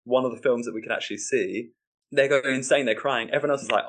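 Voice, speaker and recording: A man, a stand-up comedian telling a story in casual chat, animated and laughing often. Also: medium pitch, quick pace, a little hiss or hum. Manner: animated, acts out quoted voices, laughs often.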